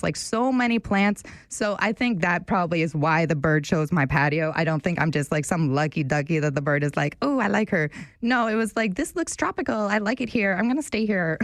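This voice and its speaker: Young radio host, woman, animated and chatty, dry studio sound. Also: lowish voice, no echo. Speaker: radio show fill-in host. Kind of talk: casual talk radio chat.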